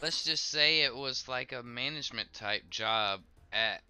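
A man's voice: mid-range voice, unhurried, pushed and bright, faint music behind. A man chatting casually, telling stories with easy swearing. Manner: laid-back storytelling, casual swearing. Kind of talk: casual chat.

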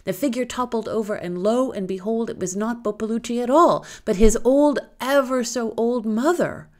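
A woman reading a folktale aloud in a lilting, expressive storytelling manner. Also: on the high side, moderate pace.

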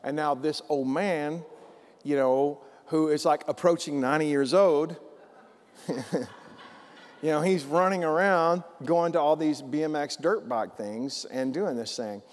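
A male pastor telling a story in a sermon, animated and repeating phrases for emphasis. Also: on the high side, unhurried. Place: church sanctuary. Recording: long church hall reverb.

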